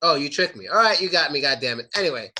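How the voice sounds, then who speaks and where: Brief: casual male pronunciation tutor, slightly high pitch, informal banter. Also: animated, fast, bright, forceful tone. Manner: joking, informal and chatty with students. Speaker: English pronunciation teacher. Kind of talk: live online lesson.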